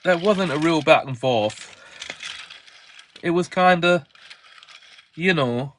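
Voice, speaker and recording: A man's voice: on the high side, takes it slowly, fairly bright tone, a little hiss or hum. A man voicing characters in a fan model-train series, trading casual banter with rambling, self-aware asides.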